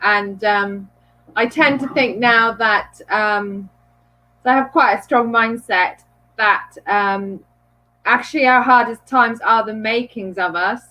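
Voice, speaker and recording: This is an Irish woman on a video call, bubbly and ready to laugh. Her voice sits a touch high for a woman. She speaks as a guest on a live chat show. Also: takes it slowly, bright, forceful tone, rough recording. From Ireland.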